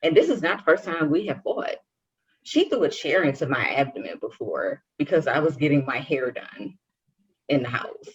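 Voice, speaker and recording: Young woman podcast host telling a story, bit husky voice, acts out the quotes, muffled lo-fi sound. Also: low voice, normal speed. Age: young adult. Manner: animated storytelling with quoted dialogue. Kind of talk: casual chat, personal story. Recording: dull lo-fi sound.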